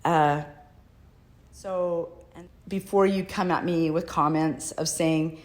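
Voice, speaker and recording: A middle-aged woman with a deep, low-pitched voice talks straight to the camera as a mother. She is earnest and emotional, with a pleading, heartfelt manner. Her delivery is a personal address rather than a script. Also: unhurried, a little mellow. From United States. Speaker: mother speaking out.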